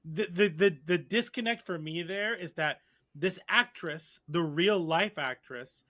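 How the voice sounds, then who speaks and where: Man panelist, higher-pitched, bright and forward tone, analytical, halting with fillers. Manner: analytical, hesitant with many fillers. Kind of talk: casual chat.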